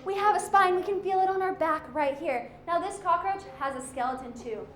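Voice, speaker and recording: High-voiced woman teaching kids about animals. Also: brisk, roomy sound, slight background noise. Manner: lively, playful, asks the audience questions. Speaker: zoo educator. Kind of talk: animal presentation for children.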